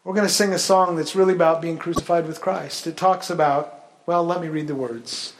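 A male pastor delivering a sermon with a notably high voice. He moves from loud, lively stretches into soft, hushed prayerful ones. He talks in a friendly, storytelling way to a church. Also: a little fast. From Pacific Northwest, United States.

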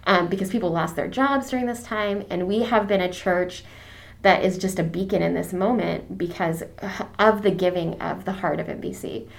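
Getting emotional as she speaks, a woman leading a church's deacon board chats on a laid-back podcast in a lowish, gravelly voice at normal speed. She gushes warmly about her topic, stumbling through frequent fillers and restarts.

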